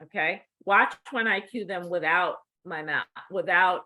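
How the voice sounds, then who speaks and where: A woman's voice: lowish voice, pushed and bright. A middle-aged woman teaching cued speech, speaking patiently and checking in with the learner often. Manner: slow, patient, checks in with "okay?". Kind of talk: instructional demonstration.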